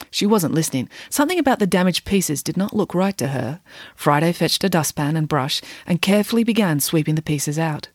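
Expressive woman reading a bedtime story. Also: low-pitched, dry recording, clean studio sound. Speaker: children's author and podcast host.

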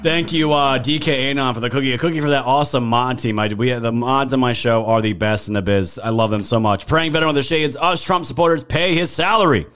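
A man's voice: mid-range voice, fairly quick, hardly any pauses, fairly bright tone, slight background noise. A man hosting a political live stream, ranting in a heated, profane way and thanking viewers in chat. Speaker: livestream political commentary host.

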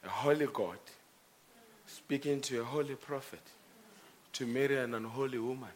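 A man preaching a sermon, telling stories, with swings between quiet earnestness and impassioned shouting. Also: mid-range voice, moderate pace.

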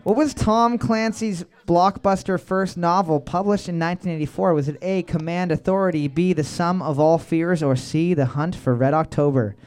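Joking trivia host, higher voice. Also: male voice, moderate pace, hardly any pauses, darkish tone, smooth. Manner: joking, reads questions twice. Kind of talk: live trivia night hosting with banter.

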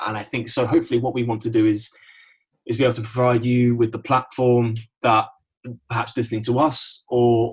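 A man's voice: on the low side, breathy edge. A young man co-hosting a casual podcast, talking in an earnest, reflective way with a few hesitations. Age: young adult. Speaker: podcast co-host.

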